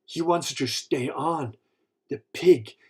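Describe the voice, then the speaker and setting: A man voicing a jealous, suspicious wife, with shrill lines and seething whispered asides. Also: slow, darkish tone, husky, exaggerated voice.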